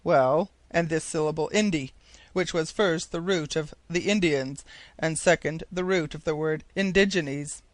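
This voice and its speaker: A man's voice: a little high, measured pace, no echo, natural voice. A man voicing a skeptical army major who questions and challenges. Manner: doubtful, challenging. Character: skeptical older male army major, dry.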